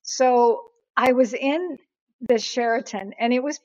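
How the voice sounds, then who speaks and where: Animated woman telling a story, dry lo-fi sound. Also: a little high, unhurried, dry recording. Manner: animated, acts out voices in her anecdotes. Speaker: guest. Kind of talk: storytelling in a casual interview.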